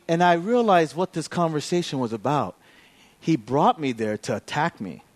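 A male pastor telling a story in a sermon, acting out both sides of a conversation and laughing along the way. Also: sits high.

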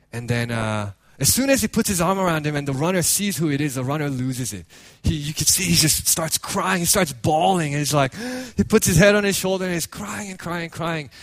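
A man preaching a sermon as a pastor, telling a story in an animated way with many restarts. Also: a little high, dry recording.

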